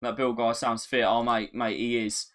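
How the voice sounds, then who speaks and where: A man chatting on a live stream, excitable and self-mocking, often repeating himself. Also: mid-range voice, normal speed. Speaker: gaming streamer. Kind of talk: casual live-stream chat.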